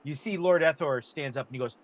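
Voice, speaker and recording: A man's voice: fairly high pitch, brisk, poor audio. A man narrating a tabletop game as game master, talking casually with lots of fillers.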